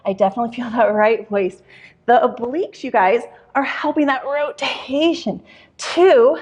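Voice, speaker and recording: Woman Pilates instructor, fairly high voice, out of breath, counting reps aloud, sighs between counts. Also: moderate pace, darkish tone, breathy edge. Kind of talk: workout instruction while exercising.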